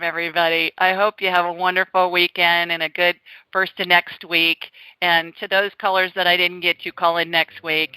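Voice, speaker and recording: A woman hosting a call-in radio show, chatty and animated, telling stories and reassuring callers. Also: lowish voice, clean tone, no echo, rough recording. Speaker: radio show host, psychic.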